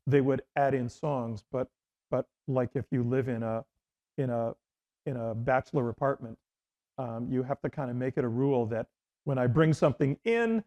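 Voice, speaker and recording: A man's voice: mid-range voice, moderate pace, mellow, highs cut off. A middle-aged man from Canada, a former radio host, telling rambling anecdotes in an interview with many restarts and fillers. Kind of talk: casual interview storytelling.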